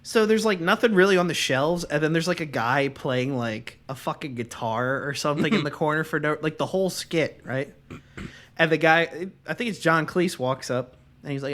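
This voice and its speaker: A man co-hosting a casual podcast, animated and laughing as he retells a comedy sketch, swearing freely. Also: a little high, moderate pace. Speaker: podcast co-host. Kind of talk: casual chat.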